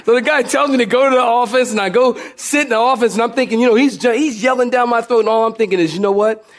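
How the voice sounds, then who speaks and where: A man preaching a sermon as pastor, telling a humorous personal story to his congregation with animated delivery. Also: very high voice, quick pace. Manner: southern-style "y'all" to congregation.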